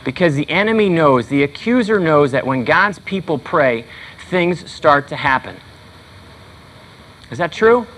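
A man's voice: on the high side, lively intonation, measured pace, fairly bright tone, slight background noise, low-quality recording. A male pastor preaching a sermon in an earnest, conversational way with frequent fillers.

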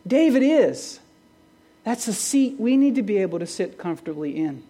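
A woman's voice: medium pitch, very animated, moderate pace, warm tone. A pastor delivering a sermon in an earnest way, often asking the congregation questions and lifting her voice on the key phrases. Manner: asks the congregation rhetorical questions.

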